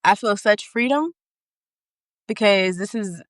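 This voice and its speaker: A woman's voice: medium pitch, animated, slow pace, no echo. Woman on a live stream telling her story, emphatic, repeats herself a lot, dry close sound. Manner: candid, emphatic, repeats and restarts when emotional. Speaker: host of a live video. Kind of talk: personal storytelling talk. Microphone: phone or webcam, live stream.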